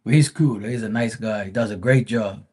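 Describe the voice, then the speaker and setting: A man's voice: lowish voice, moderate pace, a little mellow, husky. A man hosting a live stream, telling a casual story in a blunt, profane, rambling way.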